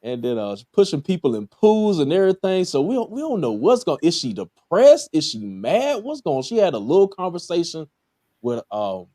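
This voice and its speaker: A podcast host with a Southern US accent reviews a TV episode in clean studio sound with no room sound, his voice on the high side, warm, at normal speed, and full of huge pitch swings. He keeps it laid-back, uses plenty of fillers, and chuckles at his own jokes.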